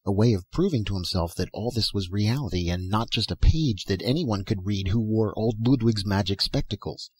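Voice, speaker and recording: A man reading a science fiction story aloud as an audiobook narrator, in a measured storytelling manner. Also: fairly low pitch, a little mellow, slightly rough. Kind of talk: scripted narration.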